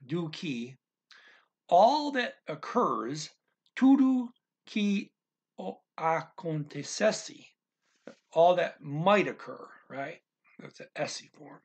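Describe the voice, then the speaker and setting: A man teaching a language in a casual, thinking-aloud way, reading phrases slowly and restarting often. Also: on the high side, sing-song, husky. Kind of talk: casual explanatory lesson.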